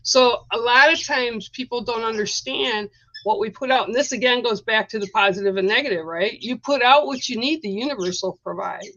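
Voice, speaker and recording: A woman's voice: fairly high pitch, brisk, a bit bright. Chatty woman host on muffled stream audio. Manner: chatty, rambling, many fillers. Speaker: host of a spiritual live stream. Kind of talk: casual storytelling on a live stream.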